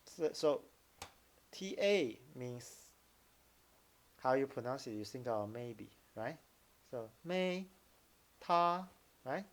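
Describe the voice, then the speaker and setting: A man with a Mandarin Chinese accent teaching a live online lesson, halting, restarting phrases and demonstrating tones out loud. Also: medium pitch, expressive. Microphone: computer mic, video call.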